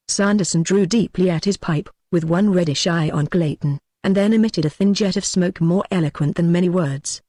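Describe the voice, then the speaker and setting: A man narrating a classic ghost story as an audiobook, in a measured, even reading. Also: high-pitched, dry recording, studio quality.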